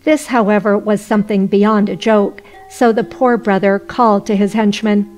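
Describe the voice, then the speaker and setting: A woman narrating a folk tale audiobook in a steady storytelling voice. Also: medium pitch, normal speed, hardly any pauses, faint music behind.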